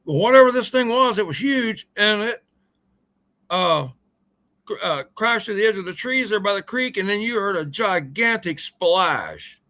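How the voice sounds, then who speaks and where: With a high-pitched, sharp voice, lively intonation and a measured pace, a sixty-something radio guest spins out a lengthy tale. He's casual and folksy, wandering as he goes and filling gaps with uhs and ums.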